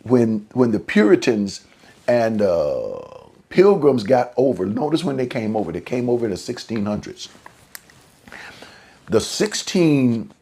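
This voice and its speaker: A man preaching a sermon in a conversational way. He repeats and restarts phrases, and his pitch and volume jump up suddenly for emphasis. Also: very animated, a little slow, dark tone, slightly rough. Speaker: pastor.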